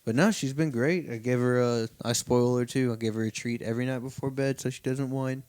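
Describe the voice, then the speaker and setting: A man who is a touring comedian, a guest on a casual podcast, rambling easily with deadpan jokes. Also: mid-range voice, fairly quick, clean tone, dry recording.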